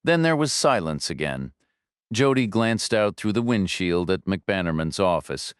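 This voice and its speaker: A man narrating a thriller audiobook in a steady, measured way, close to the mic. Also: low-pitched, clear, resonant tone, no echo.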